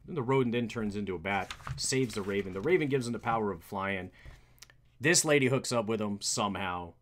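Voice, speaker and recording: A man casually recapping a comic book, rambling and animated with many restarts. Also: fairly low pitch, fairly quick, slight background noise. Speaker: comic book reader, streamer.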